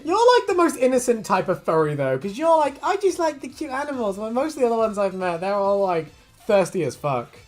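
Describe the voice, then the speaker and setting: A woman's voice: mid-range voice, very animated, a little fast, darkish tone, faint music behind. A woman streaming her art, chatting casually, swearing freely and laughing a lot as she rambles through stories. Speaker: artist streamer.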